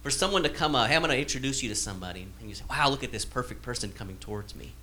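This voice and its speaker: A man's voice: medium pitch, lively intonation, rapid-fire, sharp tone, a little hiss or hum. A male pastor giving a conversational sermon, acting out quoted dialogue with a sarcastic edge.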